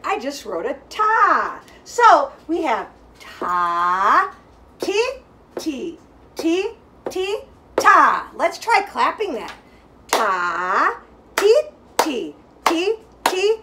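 A woman music teacher leads a lesson for small children, high and bright in tone. She talks at an unhurried pace, spelling things out clearly and cheering the class on. She chants simple rhythm syllables for them to echo back.

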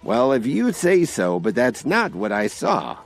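A man voicing an enraged middle-aged father who shouts and accuses. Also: medium pitch, huge pitch swings, a little slow, creaky, soft background music, pitched above the performer's own voice, exaggerated voice. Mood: doubtful.

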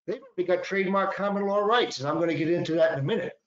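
A middle-aged man with a Boston accent walks through a presentation as a patent attorney, chatty and full of fillers and restarts. His voice sits a little high. The recording is roomy and echoey, with a dull, lo-fi sound. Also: very fast, slight background noise. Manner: conversational, frequent fillers and self-corrections. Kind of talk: webinar presentation.

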